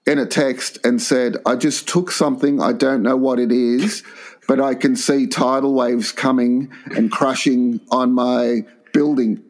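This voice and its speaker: A man's voice: mid-range voice, steady tone, a little slow. A man co-hosting a comedy podcast, telling crude stories and acting out the other people in them. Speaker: podcast co-host.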